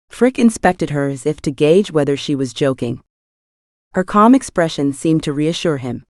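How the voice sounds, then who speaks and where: The clip is a dry, clean studio recording of a low-voiced woman narrating an audiobook. She delivers the scripted text evenly, in a measured storytelling manner.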